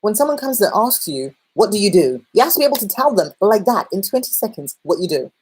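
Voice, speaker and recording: Chatty husky-voiced woman coach. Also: mid-range voice, quick pace, low-quality recording. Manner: chatty and animated, with playful asides. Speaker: dating and self-discovery coach. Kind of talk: casual advice vlog.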